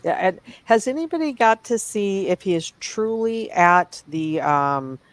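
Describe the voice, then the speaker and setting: A woman's voice: medium pitch, expressive, a little slow, no echo, rough recording. Teasing, gossipy Midwestern woman. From Midwest United States. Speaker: livestream co-host. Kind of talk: casual livestream chat.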